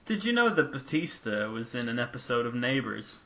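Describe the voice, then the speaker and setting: A man's voice: medium pitch, big pitch swings, a little fast, pushed and bright. A man co-hosting a wrestling podcast in casual chat, telling stories with easy swearing. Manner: chatty storyteller, casual swearing. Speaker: podcast co-host.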